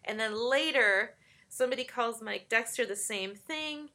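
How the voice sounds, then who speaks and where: Bright, chatty young-sounding woman. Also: fairly high pitch, unhurried. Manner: chatty, laughs often, animated when quoting characters. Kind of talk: casual chat about a film.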